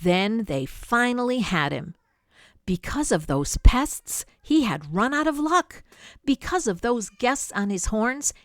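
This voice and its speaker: Brief: grandmotherly storyteller, slow and lively, dry close recording. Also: a little high, dry recording. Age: older. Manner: slow, lively, dramatic with whispered asides. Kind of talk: reading a picture book aloud.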